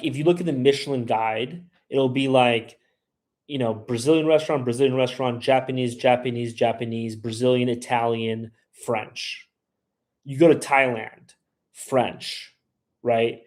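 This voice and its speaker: A man with a medium-pitched, darkish voice hosts a travel livestream, reading out viewer questions and chatting casually. He rambles loosely, constantly saying "like" and "you know what I mean," and puts on voices when he quotes people.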